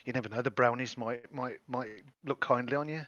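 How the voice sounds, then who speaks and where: A man playing in a tabletop game over a voice call, making quick, jokey comments about the party's plans. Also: medium pitch, fairly bright tone, muffled recording. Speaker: player. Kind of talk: casual tabletop game chat. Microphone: home microphone on a voice call.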